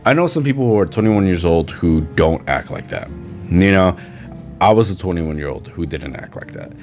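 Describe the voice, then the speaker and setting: Podcast guy ranting, super exasperated, pitch jumping all over, keeps asking why would you do that. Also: lively intonation, normal speed, a little mellow, faint music behind. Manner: exasperated, incredulous rhetorical questions. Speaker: podcast host. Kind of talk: casual commentary rant. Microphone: studio mic with pop filter.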